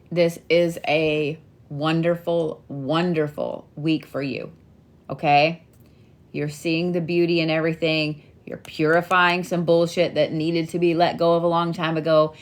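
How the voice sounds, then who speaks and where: A woman's voice: low voice, little pitch movement, measured pace. A middle-aged woman giving a casual weekly zodiac card reading, chatty and playful with frequent swearing. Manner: chatty, profane, playful teasing. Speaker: tarot and zodiac reader.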